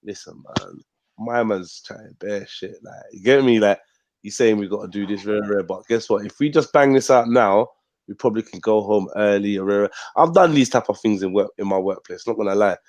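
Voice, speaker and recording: Animated man hosting a chat. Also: fairly low pitch, fairly quick, no room sound. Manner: animated, acts out quoted speech. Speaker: live show host. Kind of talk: casual chat.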